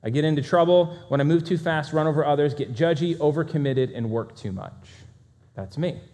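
A man giving a talk to a live audience, energetic and fast-talking, with self-deprecating humor. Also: a little high. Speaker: speaker.

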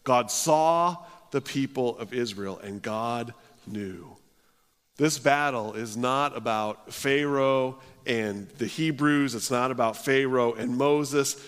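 A man's voice: medium pitch, slow pace, a bit bright, clear, resonant tone. A male pastor preaching a sermon in earnest, often restarting his phrases. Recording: long hall reverb.

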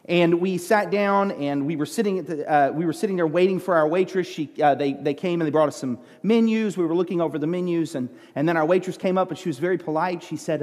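A middle-aged male pastor preaches in a church sanctuary, his slightly high voice carrying a long reverb tail. He talks earnestly and haltingly, often restarting his sentences as he tells a story. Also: a little mellow. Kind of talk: sermon with a personal story.

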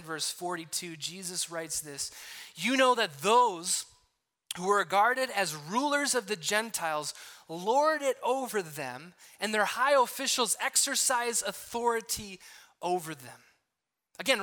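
Bright-voiced preacher teaching a passage. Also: male voice, high-pitched. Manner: explanatory, word-by-word teaching with frequent restarts and "right?". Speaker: pastor. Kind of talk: sermon.

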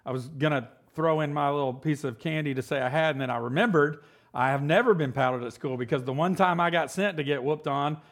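40s guy preaching, gravelly, kinda high voice, jokey and chatty. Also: a little fast, fairly bright tone. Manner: conversational, joking, asks "right?" often. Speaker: pastor. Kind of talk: sermon.

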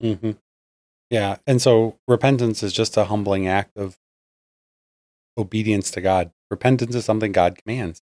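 A man's voice: on the low side, steady tone, moderate pace, long pauses, a little mellow, no room sound. A man talking casually about faith, thinking aloud and working through his ideas.

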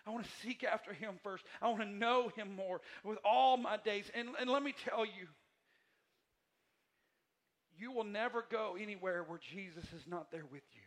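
Male pastor, high bright voice, emphatic repetitive sermon delivery. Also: fairly quick, hardly any pauses. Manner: repetitive, emphatic preaching with swings between soft and loud passages. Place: church sanctuary.

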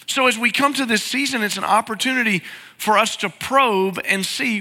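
A male pastor with a high, bright, forceful voice preaches at a moderate pace, earnest and pleading. The setting is a large church sanctuary, and the recording carries its reverberant sound.

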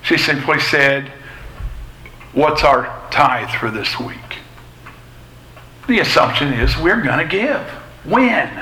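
A man's voice: fairly high pitch, animated, slow pace, pauses often, bright, forceful tone, slight background noise. A middle-aged man preaching a sermon in a church, folksy and conversational with personal asides. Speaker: pastor. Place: church sanctuary. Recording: echoey church hall, faint ambience.

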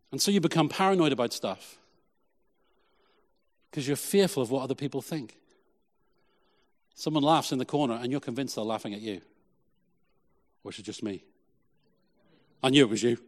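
Middle-aged pastor guy preaching, bit high voice, leans hard on slow repeated lines, echoey hall. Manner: emphatic preaching with repetitions and slow stressed phrases. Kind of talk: sermon.

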